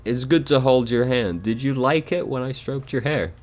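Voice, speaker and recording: A man's voice: mid-range voice, normal speed, voice pushed up, lightly acted. A man voicing a dead, scarred old soldier who talks tenderly and wistfully in a video game.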